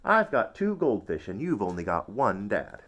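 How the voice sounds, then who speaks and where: A man voicing a stubborn young boy in a read-aloud children's story, matter-of-fact and flatly refusing. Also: lowish voice, normal speed.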